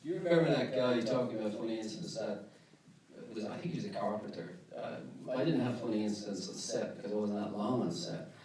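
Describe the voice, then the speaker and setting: A man's voice: fairly low pitch, fast, noisy background. Man telling stage stories in a hall. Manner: warm joking storyteller, laughs at his own punchlines. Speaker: actor guest at a Q&A. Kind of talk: casual anecdote on stage. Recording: roomy hall, picked up from far off.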